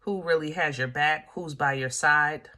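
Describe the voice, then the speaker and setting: A woman doing a casual tarot reading, talking straight to her viewers in a bright, forceful voice. She is chatty and emphatic, full of fillers and asides, and swings from loud to hushed. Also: sits low, unhurried. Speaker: tarot reader.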